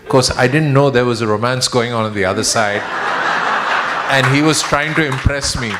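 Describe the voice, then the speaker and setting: A man, a senior executive at his farewell, recalls his career in a relaxed, wry and self-deprecating way. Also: medium pitch, moderate pace, heavy background noise. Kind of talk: reminiscing speech. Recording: online webinar audio.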